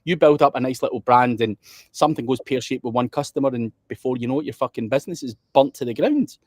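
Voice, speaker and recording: Man, podcast host, blunt and profane, mid pitch, dry close recording. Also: fast, dry recording. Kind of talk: casual chat.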